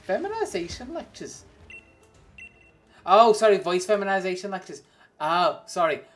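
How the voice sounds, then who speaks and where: During a game livestream, a streamer chats casually with viewers, rambling from topic to topic and laughing often. The voice is mid-range and sing-song at a normal pace, with faint music behind it.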